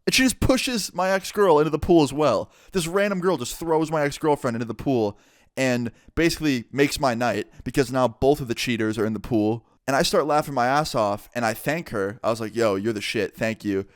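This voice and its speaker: A young man telling a personal story to camera in a casual, profane, animated way. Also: medium pitch, brisk, dry recording, clean studio sound. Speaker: vlogger. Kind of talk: storytime narration.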